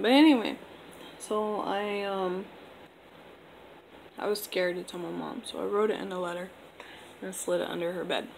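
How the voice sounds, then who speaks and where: A woman's voice: medium pitch, little pitch movement, unhurried, gravelly, pauses often, slight background noise, rough recording. A young woman in her twenties casually telling a personal story to camera, rambling with lots of fillers. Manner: rambling, filler-heavy, laid-back. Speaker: vlogger.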